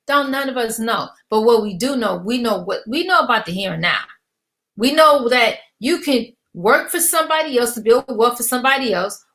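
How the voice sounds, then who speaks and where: A woman's voice: a little high, a bit bright. A middle-aged woman coaching her viewers in an emphatic, preachy motivational rant, casual and full of slang and repetition. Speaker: business coach.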